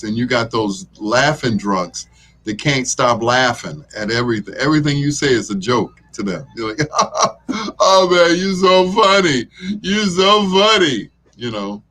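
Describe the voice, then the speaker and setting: A man's voice: medium pitch, moderate pace, fairly bright tone. A middle-aged man hosting a talk show, rambling in a laid-back way and chuckling often as he chats. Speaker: radio show host. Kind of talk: casual talk show chat.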